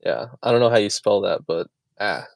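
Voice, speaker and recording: A man's voice: lowish voice, fairly quick, creaky, no room sound, clean studio sound. A man from New York hosting a livestream, chatting casually, joking and laughing often. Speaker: streamer host.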